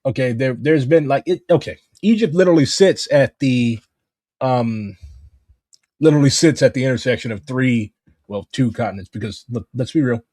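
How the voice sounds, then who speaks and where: A man's voice: mid-range voice, normal speed, darkish tone, no room sound. A man chatting casually on a live stream, rambling and swearing as he jumps between topics.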